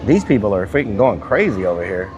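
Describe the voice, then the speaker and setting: A man's voice: lowish voice, big pitch swings, quick pace, music in the background. A middle-aged man live-streaming while fishing outdoors by a river, chatting casually with his viewers and swearing freely. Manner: blunt, swears casually, answers chat. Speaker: livestreamer.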